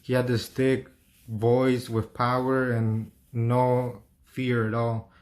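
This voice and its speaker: A man talking through a personal story in a casual, meandering way. His voice stays flat, with little rise and fall. He leans on fillers, restarts himself often and swears freely. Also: mid-range voice, slow pace. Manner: rambling, filler-heavy, frequent restarts and swearing.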